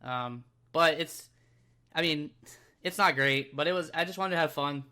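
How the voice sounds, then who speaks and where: Bright-voiced, easygoing American co-host. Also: male voice, a little high, moderate pace. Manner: easygoing, self-deprecating, laughs often. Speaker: podcast co-host. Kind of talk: casual podcast chat.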